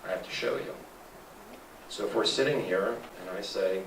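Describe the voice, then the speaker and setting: A man giving an animated sales presentation to a live audience, asking the room questions. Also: on the low side, a little fast, background noise. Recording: echoey room from a distance.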